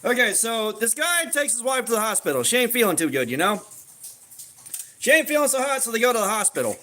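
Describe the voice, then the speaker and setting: A man's voice: very high voice, very animated, a little fast, sharp tone. A man casually telling a crude joke with slang and fillers while crafting at home. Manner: loose, profane storytelling with slang and fillers. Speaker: crafting streamer.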